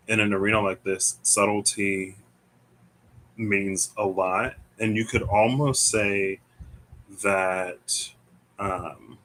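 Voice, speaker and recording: On a rough recording with slight background noise, a young Midwestern man does an informal tarot reading. He has a low voice with a sharp tone, and his thinking-aloud delivery is meandering and hesitant, with frequent searches for words.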